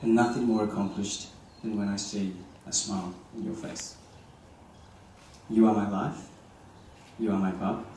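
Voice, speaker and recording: A man's voice: fairly low pitch, steady tone, measured pace, dark tone. A young man, the groom, reading earnest and tender wedding vows with some light humor. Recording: echoey distant venue sound with ambient noise.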